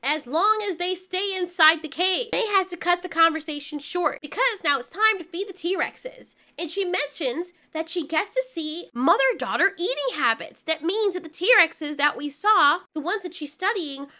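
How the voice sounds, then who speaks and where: A woman with a very high, bright voice talks through a show review in a loose, joking way. She swears freely and keeps the energy up. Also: expressive, normal speed, hardly any pauses. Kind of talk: casual video review.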